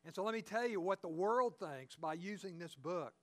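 A man's voice: high voice, expressive, moderate pace, fairly bright tone. A man preaching a sermon, emphatic and driving his points home with repeated rhetorical questions.

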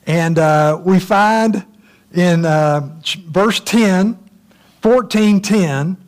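A man giving a casual, folksy Bible lesson, chatty and full of fillers. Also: on the high side. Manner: folksy, chatty, many uh fillers, chuckles at his own asides. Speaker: Bible teacher.

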